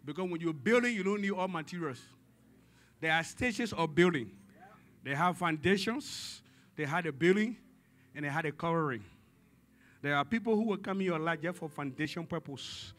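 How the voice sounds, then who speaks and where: A man preaching a sermon as pastor in a church service, dramatic, swinging from hushed tones to shouting and calling on the congregation for responses. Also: on the high side, lively intonation, normal speed.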